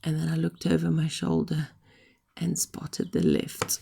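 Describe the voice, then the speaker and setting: A middle-aged woman recovering from illness, talking casually to camera, hoarse and short of breath, rambling and apologetic. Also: low-pitched, lively intonation, a little slow, mellow. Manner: rambling, apologetic, frequent ums.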